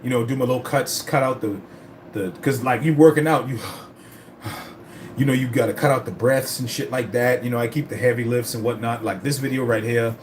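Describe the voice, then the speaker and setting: A man's voice: mid-range voice, a little fast, a little hiss or hum. A man vlogging about his fitness journey in a casual, rambling, profane way. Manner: rambling, profane, animated storytelling. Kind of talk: casual chat.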